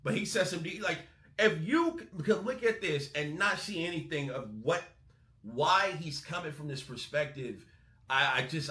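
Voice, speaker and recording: A man hosting a music breakdown channel, talking in a casual, excitable, profane way. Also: a little high, moderate pace, echoey room. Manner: animated, excitable, swears freely. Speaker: music reaction host.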